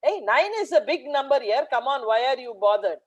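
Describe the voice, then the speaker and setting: Woman as a brisk, kindly school teacher. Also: high voice, expressive, highs cut off. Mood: reassuring. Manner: reassuring, scolding fondly.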